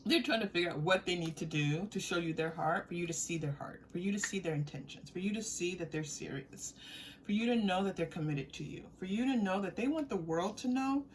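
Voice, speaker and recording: A woman's voice: lowish voice, animated, a little fast, a little hiss or hum. A woman giving a tarot reading to her viewers, chatty and giggly, repeating phrases as she thinks aloud. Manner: giggly and warm, often breaking into laughter. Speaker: tarot reader.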